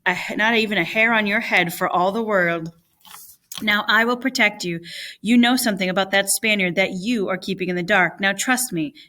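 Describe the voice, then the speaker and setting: A woman's voice: medium pitch, normal speed, sharp tone, close to an everyday voice. A woman reading aloud and voicing a kind, protective old Welshman in a storybook. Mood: reassuring.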